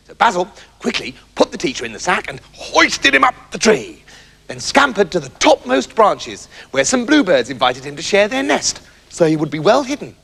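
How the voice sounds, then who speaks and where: A man narrating a comic fairy tale in a manic, shouty way. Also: sits high, moderate pace, creaky, breathy edge. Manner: wildly animated, shouty, comic. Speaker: storyteller.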